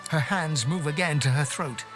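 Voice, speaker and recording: A man narrating a game in a measured, descriptive way. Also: a little high, over music, lightly acted. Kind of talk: scripted narration.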